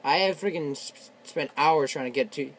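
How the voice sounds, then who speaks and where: A young man giving casual, excitable commentary while playing a video game, shouting and swearing, his voice worn from yelling. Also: on the high side, normal speed. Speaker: gamer. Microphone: tablet on a desk.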